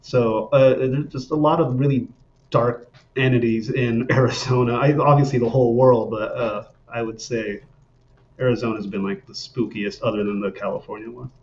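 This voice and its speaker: Male podcast guest, mid-pitched, rambling storyteller, dull lo-fi sound. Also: fairly even intonation, moderate pace, darkish tone. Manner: rambling, laid-back, frequent fillers. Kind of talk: casual storytelling.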